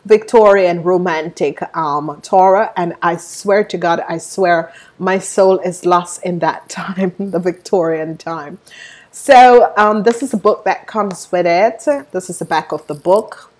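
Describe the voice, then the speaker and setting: Lady unboxing tarot cards, slow and gushy, kinda low voice, lots of ums. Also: fairly even intonation, darkish tone. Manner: gushing, rambling, with many fillers. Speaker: tarot deck reviewer. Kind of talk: unboxing review vlog.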